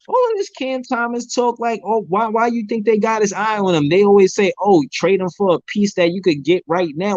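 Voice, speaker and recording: A man's voice: sits high, expressive, normal speed, hardly any pauses, a little mellow, no room sound, dull audio. A man hosting a casual sports talk show, slangy and emphatic, hammering the same points over and over. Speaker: sports podcast host. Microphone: phone.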